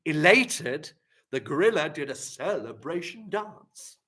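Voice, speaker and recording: A man teaching a live online writing lesson to children, animated and encouraging, with big swings in loudness. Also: on the high side, takes it slowly.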